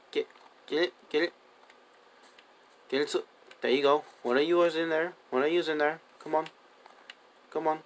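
A man's voice: fairly high pitch, steady tone, moderate pace, long pauses. A young man casually commenting on his own survival game as he plays, chatting and coaxing the animals with repeated commands. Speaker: gaming video host.

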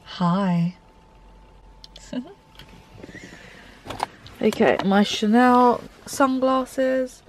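A woman's voice: fairly high pitch, drawn-out words, pauses often, a little hiss or hum. A woman vlogging from inside her car, chatting and gushing with lots of ums. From England. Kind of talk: casual car tour vlog.

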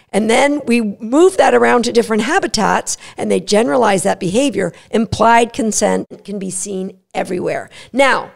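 A woman hosting a podcast on dog training, talking energetically and acting out the dog's voice in quick asides. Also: on the high side, creaky. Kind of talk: solo podcast teaching.

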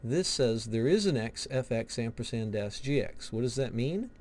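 A man walks through a logic lesson at an even, mid-range pitch, posing questions and then answering them himself. A faint noise hums under his voice. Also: moderate pace. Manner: explains step by step, asks and answers his own questions. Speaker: logic instructor. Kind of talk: recorded lecture walkthrough.

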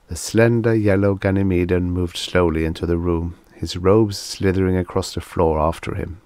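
A man reading vintage science fiction as an audiobook narrator, in a steady, even storytelling manner. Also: deep voice, moderate pace, hardly any pauses, clean tone, dry recording. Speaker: audiobook reader.

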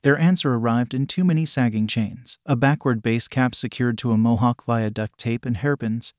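A man narrates a fan story in a calm, even reading voice, pitched in the middle for a man. The recording is dry and close, with almost no room sound. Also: moderate pace, dry recording. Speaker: fanfiction reader. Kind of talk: scripted narration.

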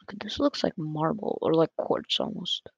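An excitable gaming YouTuber talks through a run with chatty, self-correcting commentary and a gravelly edge. The close mic catches breaths. The sound is dull, lo-fi and dry. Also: mid-range voice, normal speed, no echo. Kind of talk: casual gameplay commentary. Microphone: close desk mic picking up breath.

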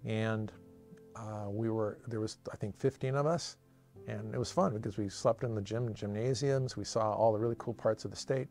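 A middle-aged man from Washington State giving an earnest, reflective personal testimony, pausing and restarting as he remembers. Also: lowish voice, creaky. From Washington State, USA. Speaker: storyteller sharing his life story. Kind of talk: personal testimony told from memory. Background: soft cinematic music.

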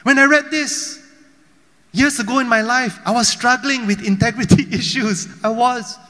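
A pastor from Malaysia preaching a sermon, telling a Bible story with many rhetorical questions. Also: male voice, extremely high pitch, normal speed, bright, forceful tone, in a large hall. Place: church hall.

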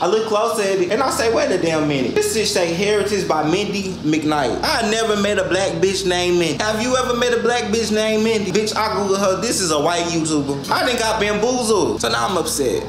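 A young man with a Southern US accent, telling an animated, profane story as a vlogger. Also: fairly quick, hardly any pauses, slight background noise. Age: young adult. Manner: animated, profane, jumps into high squeals. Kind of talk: casual storytelling rant. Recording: echoey room with music underneath.

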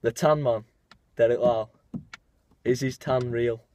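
A man's voice: mid-range voice, fairly even intonation, a little slow, darkish tone, dull audio, a little hiss or hum. A man interviewing a guest in casual chat, teasing him with questions and laughing often.

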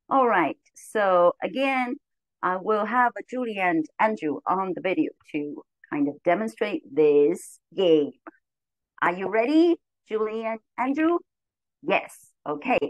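A woman leading an English lesson for very young learners, cheerful and slow, her voice jumping high on the commands. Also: no echo, low-quality recording. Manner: cheerful, slow and clear, with big pitch jumps on commands. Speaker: teacher trainer leading a model lesson. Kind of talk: lively classroom teaching to young children.

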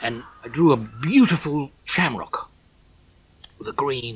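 A man's voice: medium pitch, moderate pace, slight background noise, poor audio. A man animatedly recalling a stage show in an interview, acting out voices as he goes. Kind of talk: interview anecdote.

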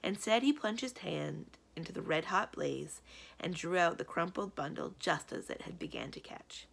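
A woman librarian reads a children's story aloud with lively, expressive storytelling. Her voice sits a little low with a gravelly texture. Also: normal speed. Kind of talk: children's book read-aloud.

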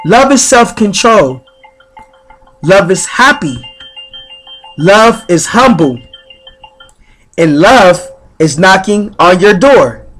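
A man leading guided spiritual affirmations in slow, repetitive, chant-like phrases. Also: high-pitched, very animated, a bit bright, soft background music. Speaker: spiritual speaker.

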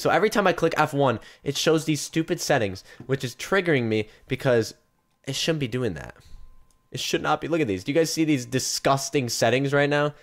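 Excitable young man streaming games. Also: medium pitch, a little fast. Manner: excitable, swings into loud yelps and shouts; chatty, talks straight to viewers. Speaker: gaming streamer. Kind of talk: live gameplay commentary.

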